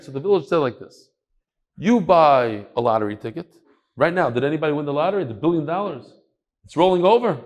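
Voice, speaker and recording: Animated man teaching Talmud in a lecture. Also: mid-range voice, vocal fry. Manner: lively, acts out the voices in his stories, shouts at the climax.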